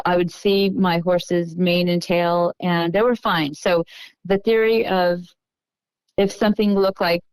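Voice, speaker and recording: A middle-aged woman from Texas, a podcast guest, recounting a personal story in an unhurried, halting way with frequent restarts. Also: fairly low pitch, clear, resonant tone, no echo, low-quality recording.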